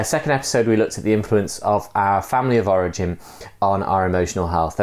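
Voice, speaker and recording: A man gives a church talk in a conversational way, with frequent "uh" fillers as he tells a story. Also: low-pitched. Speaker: church speaker.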